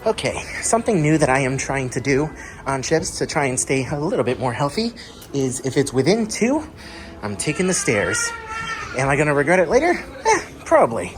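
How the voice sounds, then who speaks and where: A man vlogging casually to camera aboard a cruise ship, chatty and upbeat, talking straight to his viewers. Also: on the high side. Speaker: cruise vlogger, channel host. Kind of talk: casual vlog narration to camera. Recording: busy ship venues with music and crowd chatter behind.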